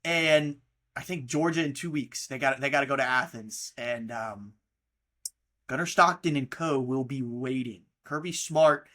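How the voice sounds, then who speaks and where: Speaking at a measured pace with a mid-range voice and sharp tone, this twentysomething American podcast host goes off about college football. He ridicules teams in a heated, casual rant loaded with profanity.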